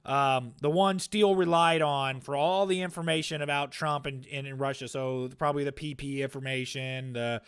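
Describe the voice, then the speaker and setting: A man co-hosts a political commentary podcast, arguing emphatically and often repeating words as he launches into a point. His medium-pitched voice is steady, clear, resonant and fairly bright, moving at normal speed with hardly any pauses.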